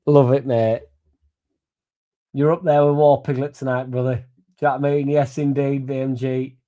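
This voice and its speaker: Tipsy, sweary football fan. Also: male voice, mid-range voice, flat delivery, moderate pace, dull audio. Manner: rambling, sweary and laddish, laughing between lines. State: a bit drunk. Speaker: fan channel host. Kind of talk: casual livestream chat.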